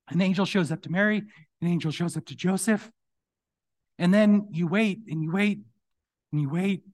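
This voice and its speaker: Man, middle-aged, pastor, conversational sermon, slightly high voice, going hoarse, emphatic questions. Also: lively intonation, moderate pace.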